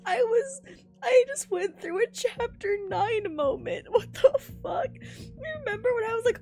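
A woman's voice: extremely high pitch, animated, unhurried, mellow, soft background music. A young woman streamer reacting to a game, crying and laughing through tears while she swears. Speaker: Vtuber streamer. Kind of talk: gaming reaction commentary.

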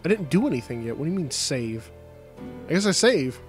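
Playing a video game with soft music in the background, a male streamer gives casual, sardonic commentary laced with profanity and mumbled asides. He talks fairly quickly in a slightly high, sing-song voice.

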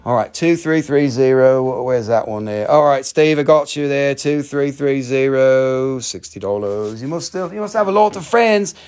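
A man's voice: medium pitch, normal speed, hardly any pauses, darkish tone, clean tone. A middle-aged man from Western North Carolina, hosting a casual live sale of stones, rambling and joking as he goes. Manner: joking, rambling, slips into a mock Italian-French accent. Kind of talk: casual live sales chat.

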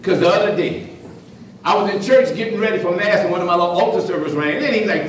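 A priest telling funny stories in a sermon, animated and jokey, acting out the voices of the people in them. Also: male voice, high-pitched, moderate pace, long pauses, slight background noise. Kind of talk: comic storytelling sermon. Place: large church hall before an audience. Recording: far-off echoey hall with crowd laughter.

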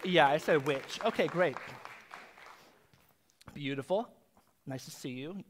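A man's voice: on the high side, slow pace, a little hiss or hum. A man hosting a live drag comedy game show on a theater stage, with campy, rambling, self-mocking banter into a handheld microphone.

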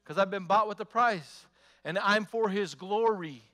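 A man's voice: sits high, a little slow, a bit bright. A male pastor preaching a sermon, emphatic, repeating phrases and asking the congregation rhetorical questions.

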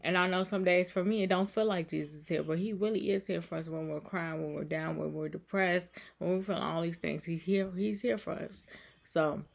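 A woman's voice: on the low side, brisk, creaky. A woman vlogger speaking in an emotional, repetitive and soothing way, giving heartfelt encouragement to her viewers. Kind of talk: heartfelt encouraging vlog talk.

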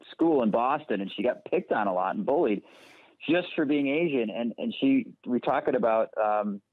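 A man from Detroit, a TV writer, talking casually as an interview guest, rambling and telling animated stories. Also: on the low side, dry recording. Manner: rambling, animated storytelling with quoted voices. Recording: dry, phone-like narrow sound.

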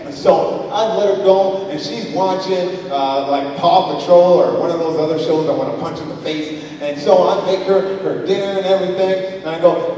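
A motivational speaker in his thirties telling a family story to parents in a school auditorium, animated and shifting between loud exasperation and hushed tenderness. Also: high-pitched, normal speed, hardly any pauses, slight background noise. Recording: echoey hall, voice from far off.

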